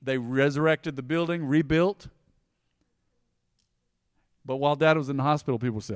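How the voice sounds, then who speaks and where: A male pastor preaching a conversational sermon, emphatic and swinging between loud and hushed lines. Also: medium pitch, unhurried, long pauses, no echo, clean studio sound.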